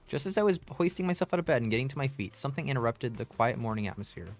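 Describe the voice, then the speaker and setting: A man's voice: mid-range voice, expressive, very fast, soft background music. A man streaming a game, chatting in a laid-back, slangy way as he plays. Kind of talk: casual gameplay commentary.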